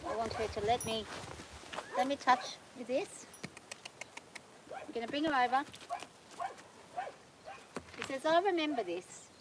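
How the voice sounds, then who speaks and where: High-voiced woman training a horse outdoors. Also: measured pace, long pauses. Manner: calm, coaxing the horse while explaining to viewers. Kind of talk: narrated training vlog. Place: outdoors on a farm on a windy day. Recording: outdoor recording with loud wind noise.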